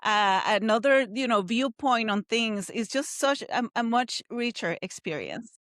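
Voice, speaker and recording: A woman with a noticeable accent speaks in an earnest, encouraging tone, giving motivational advice as an interview guest. Her voice is somewhat high, and the sound is dry and close. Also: lively intonation, measured pace, a bit bright, no echo.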